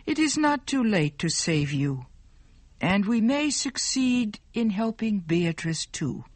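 A woman reading the lines of a calm old male professor in a slow, steady, reassuring way. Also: mid-range voice, no echo. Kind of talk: storybook narration.

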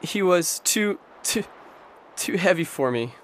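A woman doing a beaten young man, weak and close to tears, speaking very slowly and haltingly. His words come out broken, with a faint hiss under the recording. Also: low voice, fairly even intonation, fairly bright tone, exaggerated voice.

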